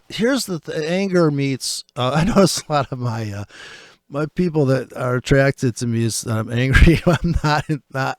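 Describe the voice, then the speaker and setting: A man's voice: fairly high pitch, no room sound, studio quality. A man giving profane, rambling commentary on forex trading, ranting and laughing as he breaks off his own sentences. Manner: profane, ranting, laughs often, self-interrupting; swings from muttering to loud outbursts.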